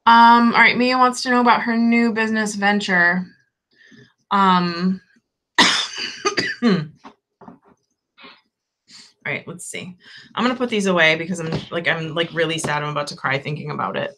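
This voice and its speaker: A woman's voice: medium pitch, unhurried, long pauses, pushed and bright. A young woman hosting a casual live-stream chat, candid and rambling, full of fillers and the odd swear. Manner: chatty and candid, lots of "like" and "um", swears freely. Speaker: tarot channel host.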